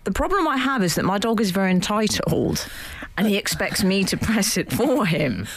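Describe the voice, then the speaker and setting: A woman's voice: mid-range voice, very animated, moderate pace, gravelly, a little hiss or hum. A woman hosting a radio show, telling a story in a playful, giggly way in casual studio chat. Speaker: radio host. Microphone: studio microphone.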